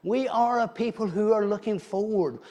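A man's voice: high-pitched, normal speed, warm tone. A man preaching a conversational sermon in church, asking the congregation rhetorical questions and often restarting his phrases.

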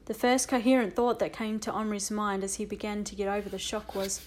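A woman narrating a children's audiobook with a lively, expressive reading. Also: medium pitch, a little fast, a little hiss or hum.

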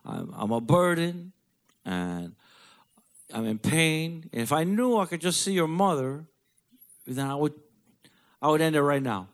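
A man's voice: fairly high pitch, expressive, a little slow, long pauses, voice pushed up. A man voicing his frail elderly father, weary and pleading, with a whiny voice that repeats itself.

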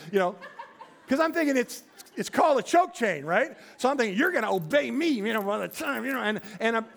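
A male pastor tells his sermon like a story, acting out the voices he quotes and sinking to a quiet, low voice when he wants emphasis.

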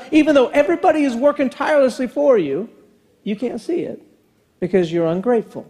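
A man, a pastor, preaching a sermon in an animated, conversational way with rhetorical questions. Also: extremely high pitch.

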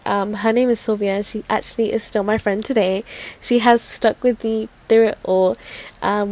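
A young woman telling a personal story in casual chat, giggly and rambling with many fillers and restarts. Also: mid-range voice. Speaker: podcast host.

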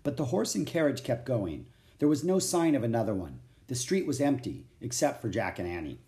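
A man reads a children's chapter book aloud in a clear, steady storytelling voice. His pitch moves lively through the narration, at a middling register. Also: a little fast.

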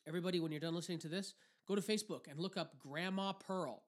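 A man's voice: high-pitched, quick pace. A man co-hosting a podcast in casual chat, profane and rambling, often laughing. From Canada. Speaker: podcast co-host.

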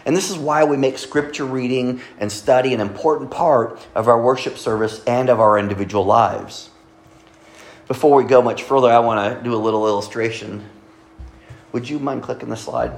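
A male pastor giving a conversational sermon, asking his congregation questions and pausing over his words. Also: mid-range voice, reverberant, poor audio. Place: church sanctuary.

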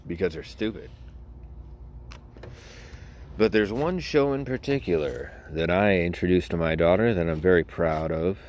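A man's voice: low-pitched, lively intonation, normal speed, long pauses, a little mellow. A middle-aged man hosting a solo podcast, rambling in a crude, sarcastic way and laughing at his own jokes. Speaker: podcast host.

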